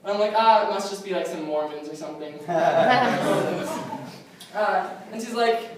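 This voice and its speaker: A man's voice: high-pitched, expressive, slow, long pauses, a loud crowd. A young man telling a rambling stand-up story on stage, full of ums and likes and laughing at his own jokes. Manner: rambling, self-amused, lots of ums and likes. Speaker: stand-up comic. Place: comedy club stage. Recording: echoey room recorded from far, noisy. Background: audience laughter.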